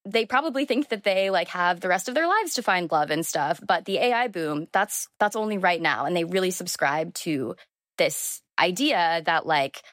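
A woman's voice: lowish voice, moderate pace, fairly bright tone, no echo, studio quality. A young woman in her twenties, a journalist guest, chatting freely with many fillers and "like"s. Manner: chatty, lots of filler words and "like". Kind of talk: conversational interview.

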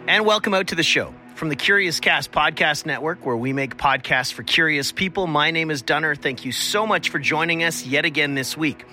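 A man's voice: on the high side, normal speed, hardly any pauses, bright, forceful tone, soft background music. A man hosting a podcast, introducing the show and a featured episode with enthusiasm. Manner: enthusiastic, promotional. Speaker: podcast host.

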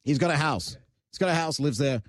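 A man hosting a radio show, chatting casually and telling animated stories with frequent restarts. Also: fairly high pitch, fairly quick. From Australia. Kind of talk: casual studio banter.

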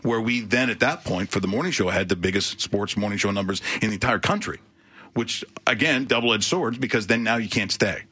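Husky, animated radio man. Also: lowish voice, a little fast. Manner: animated storyteller, acts out quotes. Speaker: radio personality guest. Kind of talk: casual radio interview.

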